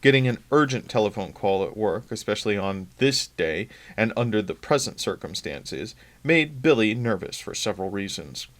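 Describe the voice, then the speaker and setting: A man, a regular reader on a local channel, reading a novel aloud in steady, plain narration. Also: on the low side, normal speed, hardly any pauses.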